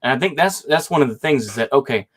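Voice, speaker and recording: A man's voice: medium pitch, animated, fast. Guy rambling thru his debate points, lots of hedging and trailing off. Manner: rambling and hesitant, hedging often. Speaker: debate guest. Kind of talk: online political debate.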